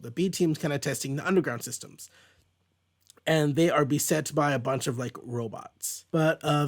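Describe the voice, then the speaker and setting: Comic nerd guy rambling through pages, kinda high voice. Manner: rambling, lots of likes and restarts. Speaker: comic book reviewer host. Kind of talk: casual page-by-page comic recap.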